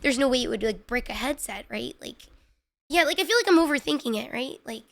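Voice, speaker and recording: A woman's voice: high voice, lively intonation, fairly quick, vocal fry. A woman streamer chatting casually to her viewers, rambling with lots of filler words and putting herself down, audibly frustrated. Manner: rambling, filler-heavy, self-deprecating. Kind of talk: casual live-stream chat.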